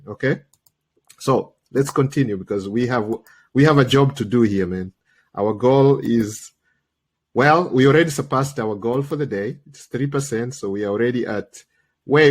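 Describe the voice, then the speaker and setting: A man leads a live trading session with a middle-pitched voice, a little worn from a recent cold. He talks in a loose, chatty way, checking in with his viewers again and again. English is not his first language. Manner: chatty, peppers talk with "okay?" and "guys". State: recovering from a cold, voice slightly worn. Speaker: trading coach and livestream host.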